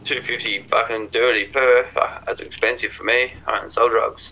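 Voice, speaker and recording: A man's voice: medium pitch, fairly even intonation, normal speed. A man grumbling and swearing casually during a roleplay game. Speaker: roleplay player. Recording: dull lo-fi mic with faint hiss.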